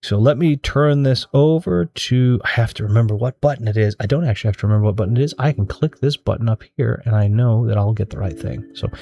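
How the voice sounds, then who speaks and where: A man's voice: medium pitch, quick pace, vocal fry, few pauses, lo-fi sound. Hesitant, rambling male streamer. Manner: hesitant, rambling, self-correcting. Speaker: streamer host. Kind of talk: casual live-stream chat. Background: background music.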